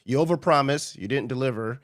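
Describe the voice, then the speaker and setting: A man's voice: medium pitch, brisk, no echo, clean studio sound. An American man hosting a casual podcast, rambling and restarting his sentences. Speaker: podcast host.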